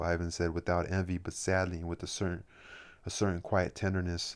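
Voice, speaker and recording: A man with a deep, low voice reads a novel aloud. His delivery is plain and unhurried, keeping a flat, steady line through the narration. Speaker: audiobook reader. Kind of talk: reading a novel aloud, then commenting.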